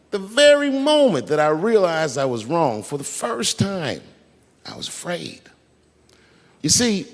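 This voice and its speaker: A middle-aged man telling a long stand-up story on stage, profane and animated, acting out the people in it. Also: high voice. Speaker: stand-up comedian. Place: large venue on stage. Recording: live stage recording with long hall reverb.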